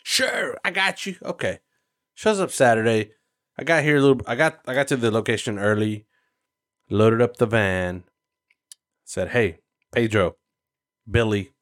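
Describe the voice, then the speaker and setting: A man co-hosting a podcast, telling a long workplace-style story in casual chat. His delivery is animated and profane, and he jumps his voice up to play the people he quotes. The recording is dry and close. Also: lowish voice, no echo. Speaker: podcast co-host.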